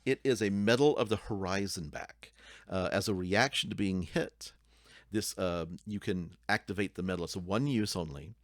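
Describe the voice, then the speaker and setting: Brief: easygoing male game master, low voice, dry close sound. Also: moderate pace, no echo. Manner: relaxed, descriptive, with fillers. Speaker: dungeon master. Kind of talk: narrating a tabletop game.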